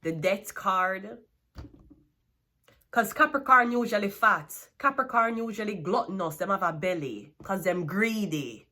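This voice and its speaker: A woman's voice: mid-range voice, expressive, a little slow, bright, forceful tone. A Jamaican woman giving a tarot reading, blunt and scolding, with plenty of swearing. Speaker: tarot card reader.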